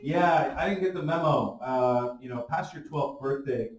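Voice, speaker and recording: A man's voice: medium pitch, normal speed, noisy background. A man in his late thirties hosting a stand-up comedy show, self-mocking and chuckling through his jokes. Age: late 30s. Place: comedy club stage. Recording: echoey room, from far off.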